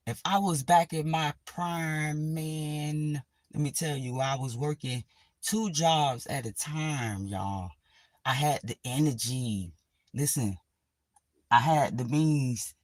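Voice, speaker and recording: A woman's voice: deep voice, no echo. A woman vlogger in a profane, sarcastic ranting monologue, full of dramatic asides.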